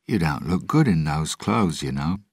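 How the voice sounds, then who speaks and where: A man's voice: rumbling low, big pitch swings, normal speed, husky, dry recording, clean studio sound, full character voice. A man reading aloud, voicing a sly, teasing male pirate captain.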